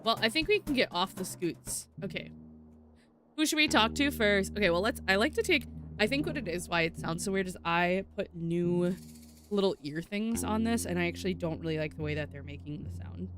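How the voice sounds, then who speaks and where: A woman's voice: medium pitch, animated, fairly quick. Bubbly woman chatting over gameplay. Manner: bubbly, chatty, coos over cute things. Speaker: voice actor streaming gameplay. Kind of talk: casual gameplay commentary.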